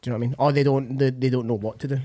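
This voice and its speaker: A man's voice: mid-range voice, level tone, very fast, dark tone. A Scottish man co-hosting a podcast, chatting casually with plenty of swearing and laughter. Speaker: podcast host. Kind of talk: casual chat.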